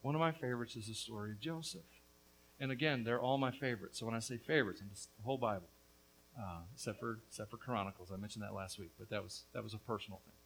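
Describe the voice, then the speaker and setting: A middle-aged man preaching a lively, joking sermon, with quick asides to the congregation. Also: on the low side, a little hiss or hum, poor audio. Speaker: pastor.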